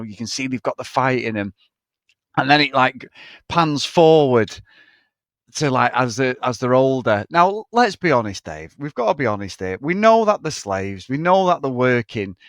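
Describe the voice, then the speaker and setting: A man's voice: medium pitch, fairly bright tone, no room sound, clean studio sound. A British man co-hosting a podcast, bluntly panning a film in casual chat, swearing freely. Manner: blunt, swears a lot, exasperated. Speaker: podcast co-host.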